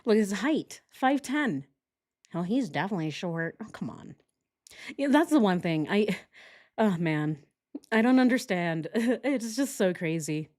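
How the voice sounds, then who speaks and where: A woman's voice: medium pitch, lively intonation, unhurried, darkish tone. A young woman hosting a casual true crime stream, sarcastic and giggly, talking to her chat as she reacts. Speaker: true crime livestream host.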